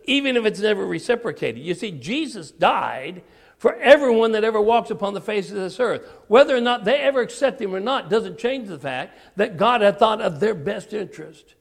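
A man's voice: high-pitched, expressive, moderate pace, creaky. An older man preaching an earnest sermon, telling stories with rising emphasis.

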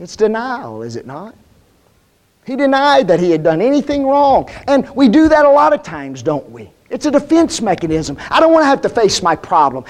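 A male preacher with a high voice that swoops up and down as he talks. He keeps the sermon folksy and plain-spoken and throws question after question at the congregation. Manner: asks the congregation frequent rhetorical questions.

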